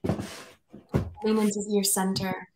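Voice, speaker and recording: A woman leading a guided meditation in a soft, slow, soothing voice over a video call. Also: mid-range voice, little pitch movement, reverberant, background noise. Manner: soft, slow and soothing, speaks softer as it goes.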